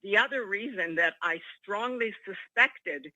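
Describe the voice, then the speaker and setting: A male caller from Canada lays out his view earnestly and steadily, pausing now and then. His tone is very bright and tense, pitched somewhat high. The line is dry and muffled. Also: no echo. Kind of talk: call-in radio commentary.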